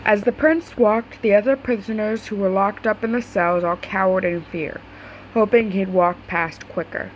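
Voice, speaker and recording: A woman's voice: mid-range voice, moderate pace, slight background noise, rough recording. A woman casually reading a fan story aloud, stumbling over words now and then. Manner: casual, stumbling, swears in asides. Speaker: story reader.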